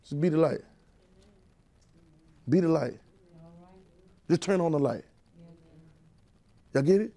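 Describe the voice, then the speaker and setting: A Southern-accented male pastor preaches in a loose, conversational way, teasing his congregation and drawing responses from them. His voice sits a little higher than most men's. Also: expressive, slow pace, vocal fry, pauses often, warm tone. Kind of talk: preaching a sermon. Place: church sanctuary with congregation.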